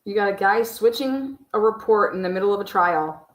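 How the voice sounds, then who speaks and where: A woman's voice: medium pitch, moderate pace, roomy sound, poor audio. A woman giving blunt, angry, profanity-heavy commentary on a livestream, swearing constantly as she rants.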